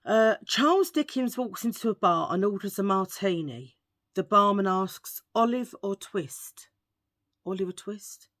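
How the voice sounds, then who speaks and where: English woman vlogger, cheeky joke-telling chat, medium pitch, dry close sound. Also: expressive, normal speed, a bit bright, no room sound. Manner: chatty, joking, cheeky asides. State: under the weather. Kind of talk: casual chat.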